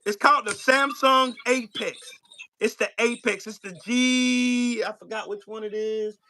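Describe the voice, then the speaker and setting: A man's voice: extremely high pitch, fairly even intonation, measured pace, pushed and bright. A man hosting a live stream, taunting and trash-talking in a profane rant from his home setup.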